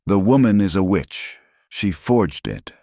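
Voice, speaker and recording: A man voicing a panicky, corrupt male government agent who shouts and shrieks accusations. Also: lively intonation, a little slow, vocal fry, no echo, studio quality, full character voice. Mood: panicky shouting. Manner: shrill, shouting, blustering.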